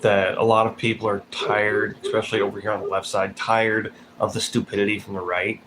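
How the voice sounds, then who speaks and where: A man's voice: lowish voice, little pitch movement, brisk. A man giving blunt, profane commentary in a casual vlog, calling people out directly. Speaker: vlogger. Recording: noticeable background noise.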